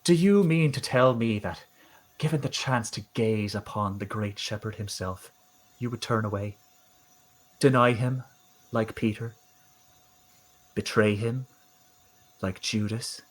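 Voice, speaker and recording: A man doing a soft, pious creepy priest. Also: on the low side, measured pace, long pauses, poor audio. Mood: soothing pious. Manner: soft, gently persuasive, preachy. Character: calm pious male priest, creepy sermonizing cult figure.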